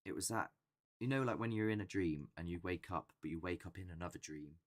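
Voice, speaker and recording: A young man with a deep voice and brisk delivery hosts a casual live chat for his paranormal channel. He's rambling and chatty, often acting out the things people say.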